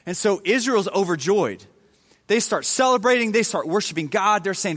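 A man's voice: high-pitched, expressive, normal speed, a bit bright. A man preaching a sermon, retelling a Bible story in a casual, conversational way with everyday slang. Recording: long hall reverb.

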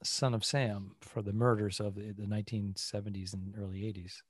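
A man's voice: fairly low pitch, little pitch movement, a little fast, a crowd in the background. A man co-hosting a casual comedy podcast with wry, joking banter. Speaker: podcast co-host.

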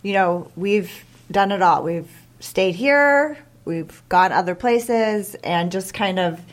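A woman's voice: mid-range voice, takes it slowly. A middle-aged woman from the Kansas City area co-hosting a casual local chat show, talkative and joking, rambling through her stories. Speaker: co-host.

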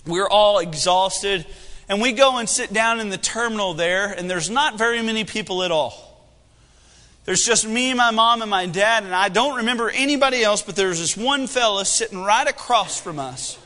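A young man preaching a sermon, telling a personal story in a folksy, animated way from a church sanctuary. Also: sits high, moderate pace, long reverb tail. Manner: folksy and animated, with shifting energy.

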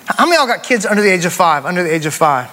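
A man's voice: high voice, big pitch swings, racing, sharp tone, a little hiss or hum. A man in his forties preaching a sermon, telling a personal story with emphasis and calling the congregation "y'all". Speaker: pastor. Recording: long hall reverb.

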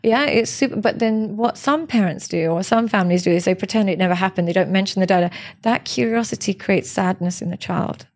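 A woman's voice: mid-range voice, fairly quick. A woman, a relationship coach speaking as a podcast guest, telling stories in an earnest, emotional way. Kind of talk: candid podcast interview.

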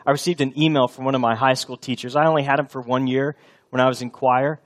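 A man in his thirties preaching a sermon as pastor, earnest, repeating key lines for emphasis and dropping soft for tender passages. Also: medium pitch, steady tone, fast talker. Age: 30s.

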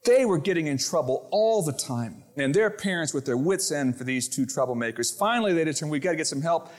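A man preaching a sermon to his congregation, lively, acting out the voices in his quotes and stories. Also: a little high, a little fast. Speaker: pastor. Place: church sanctuary.

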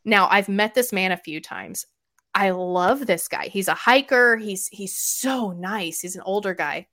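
A woman chatting as a podcast guest, telling stories in an animated way with sudden jumps in loudness. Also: mid-range voice. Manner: animated storyteller, quick shifts in loudness. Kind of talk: casual chat.

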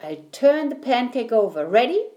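A woman voicing a patient, kindly mother calmly giving step-by-step instructions in a children's story. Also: fairly high pitch, normal speed. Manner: calm, instructive.

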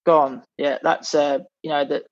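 A man's voice: fairly high pitch, moderate pace, dull audio. A man from England, a podcast guest in casual chat, blunt and swearing, with many restarts as he grumbles.

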